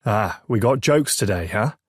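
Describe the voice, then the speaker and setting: A man's voice: fairly low pitch, lively intonation, moderate pace, slightly rough, no room sound. A man voicing a firm, protective brother who chides in a dry, matter-of-fact way, read for an audiobook. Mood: chiding. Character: stern, protective adult brother.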